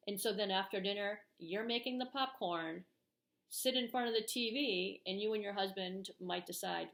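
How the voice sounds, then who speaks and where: A woman's voice: medium pitch, moderate pace, a bit bright, reverberant. Middle-aged woman chatting parenting tips to camera, lots of ums, acts out little bits of dialogue. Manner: chatty, uses many fillers, acts out parent and kid lines. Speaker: parenting channel host. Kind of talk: casual advice talk to camera.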